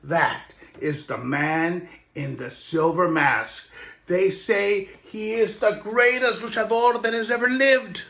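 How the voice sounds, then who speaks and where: A man playing a gentle storybook father, patient and reassuring in a warm, fatherly way. His voice sits fairly high for a man. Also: takes it slowly, heavily acted.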